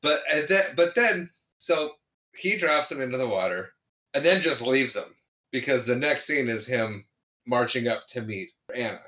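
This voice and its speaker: A man's voice: medium pitch, lively intonation, moderate pace, bright, forceful tone, highs cut off. A man co-hosting a podcast, casually recapping a film scene by scene, with many restarts. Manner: retells scenes with frequent restarts and laughter. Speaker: podcast co-host. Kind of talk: casual movie review chat.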